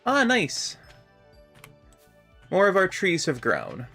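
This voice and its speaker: A man's voice: high-pitched, huge pitch swings, takes it slowly, creaky, sharp tone, slightly rough, faint music behind. A man joining a friend's game stream as a co-op player, easygoing and casually swearing, calling his partner bud. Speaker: guest co-op player. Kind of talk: casual gameplay chat.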